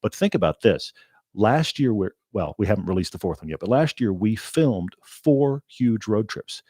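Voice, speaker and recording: A man's voice: on the low side, expressive, moderate pace, mellow, no room sound, studio quality. A man co-hosting a live-streamed car podcast, chatting casually and teasing his co-host.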